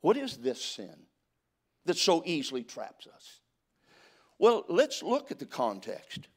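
A man's voice: fairly high pitch, huge pitch swings, slow. A middle-aged male pastor from California preaching a sermon, telling stories with stammered restarts and reading scripture in a rising preaching cadence. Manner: storytelling with repeated stammered restarts.

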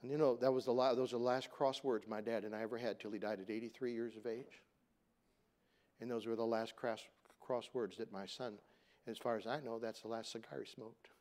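A middle-aged male pastor preaches in a conversational, storytelling manner. His voice sits at an ordinary middle pitch. He builds up loud for emphasis, then falls hushed and low for tender moments. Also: steady tone, a little fast. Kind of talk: sermon with personal storytelling.

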